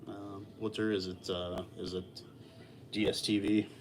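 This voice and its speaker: Laid-back low-voiced man chatting live. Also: measured pace, a little hiss or hum. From lives in Texas. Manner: relaxed, rambling, many fillers and restarts. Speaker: livestream host. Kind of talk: casual live chat with viewers.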